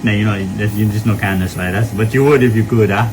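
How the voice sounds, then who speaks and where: A man's voice: fairly low pitch, fairly even intonation, fairly quick, hardly any pauses. A man, joking with his mother in a casual home video, teasing, laughing often and swearing playfully. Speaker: vlogger caring for his mother. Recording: noisy home video ambience.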